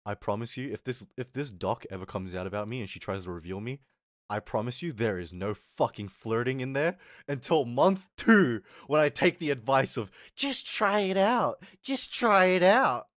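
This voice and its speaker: A young man streamer telling a story in a casual rant, animated and swearing, acting out what people said. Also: medium pitch, moderate pace, no room sound, clean studio sound.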